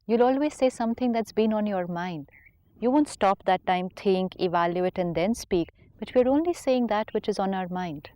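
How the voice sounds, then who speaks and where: A woman, a spiritual teacher calmly explaining ideas on a counselling talk show. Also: mid-range voice, moderate pace, no room sound. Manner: calm, explanatory, acts out inner dialogue.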